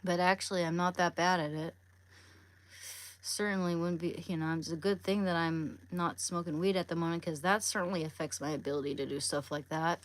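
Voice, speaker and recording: A woman's voice: on the low side, fairly even intonation, fairly quick. A woman hosting a casual livestream, rambling and stumbling over her words as she reads chat and talks about her day. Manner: coos baby talk at her dog, reads chat aloud. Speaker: livestream host.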